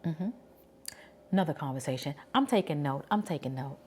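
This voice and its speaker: Forties woman, New York accent, deep-set low voice; casual, candid vlogger talk. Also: expressive, fairly quick, husky. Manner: chatty, candid, thinking out loud.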